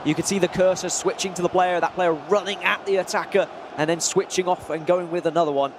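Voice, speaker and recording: A man's voice: high-pitched, steady tone, brisk, background noise. A man giving analytical color commentary on an esports football match in a chatty way.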